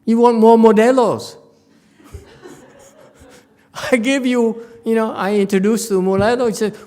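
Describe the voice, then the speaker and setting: A man's voice: high voice, fairly even intonation, a little slow, pauses often, warm tone. A male Buddhist teacher giving a dharma lecture, blunt and teasing, often mimicking his students' complaining voices. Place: temple lecture hall.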